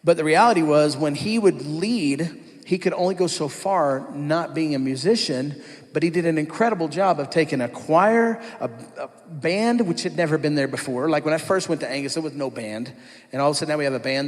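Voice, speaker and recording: A man telling his personal testimony to a church congregation in a conversational storytelling way, acting out what others said. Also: fairly high pitch. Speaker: church worship leader giving his testimony. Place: church sanctuary. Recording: long church-hall reverb.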